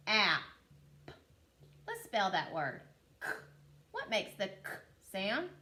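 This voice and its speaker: A woman teacher giving a recorded phonics lesson to young children, sounding out words slowly and clearly and praising them. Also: mid-range voice, bright, forceful tone.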